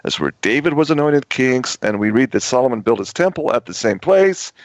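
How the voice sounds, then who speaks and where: Male radio guest, storytelling, halting and repetitive; dry, muffled lo-fi audio. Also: medium pitch, sing-song, dry recording. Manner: rambling, many restarts and repetitions. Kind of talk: radio talk show storytelling.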